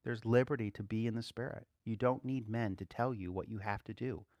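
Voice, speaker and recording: A man preaching an informal sermon to a class, conversational and quick to laugh, swinging from emphatic outbursts to quiet asides. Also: lowish voice, steady tone, no echo.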